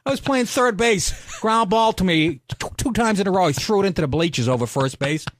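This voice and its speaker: A middle-aged man telling family stories in a casual chat, blunt and animated. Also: high-pitched, fairly quick. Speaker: comedian guest.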